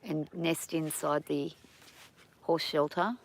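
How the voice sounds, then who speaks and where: Middle-aged aussie woman rambling on a farm stream, kinda low voice, a bit stuffy with hay fever. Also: fairly even intonation, takes it slowly. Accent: Australian. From Australia. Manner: rambling, chatty, laughs easily. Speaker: farm owner and livestreamer. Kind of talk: casual livestream chat.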